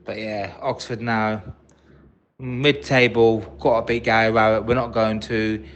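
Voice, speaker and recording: An angry man leaving a ranting voice message as a football fan, swearing and shouting in bursts. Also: on the low side, flat delivery, measured pace, highs cut off, a little hiss or hum. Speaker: fan caller.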